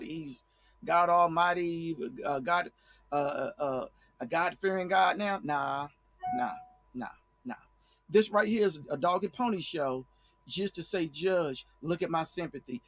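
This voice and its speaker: Talking straight to his viewers, a high-pitched online commentator delivers blunt, fiery remarks at a measured pace, his voice a bit bright. He repeats words and restarts sentences, pushing each point hard and staying heated and direct throughout.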